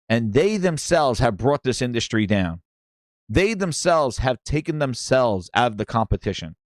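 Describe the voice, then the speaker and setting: A man's voice: on the high side, dry recording, clean studio sound. A man hosting a gaming livestream, ranting with profanity and calling out viewers in the chat. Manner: animated, profane, shouting out chat names.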